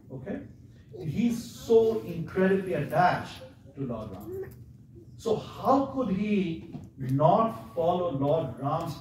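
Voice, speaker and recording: A man giving a devotional storytelling lecture in a casual, conversational way, often checking with his audience. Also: sits high. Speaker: visiting lecturer. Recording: echoey hall, far from the mic, audible noise.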